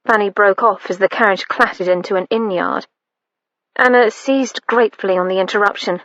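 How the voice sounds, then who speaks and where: A woman reading an audiobook in a measured, even storytelling manner. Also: medium pitch, no echo, lo-fi sound. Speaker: audiobook narrator. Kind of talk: scripted narration.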